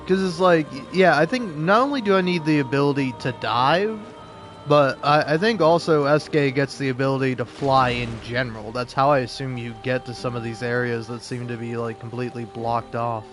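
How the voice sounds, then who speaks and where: A man's voice: mid-range voice, moderate pace, fairly bright tone, faint music behind. A man giving casual, rambling gameplay commentary, full of fillers and restarts. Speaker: gaming video creator.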